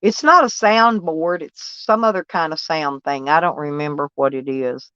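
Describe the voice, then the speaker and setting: A woman with a lowish, fairly bright voice and a Southern American accent speaks at a measured pace with lively intonation. She rambles casually on a livestream, reading chat and replying to viewers by name, in a dull, lo-fi, dry recording.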